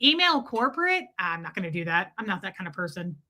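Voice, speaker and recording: This woman vlogger talks fast in a medium-pitched voice, spinning a casual, animated tale. When she quotes people she acts out their voices, and she swears once she's riled up.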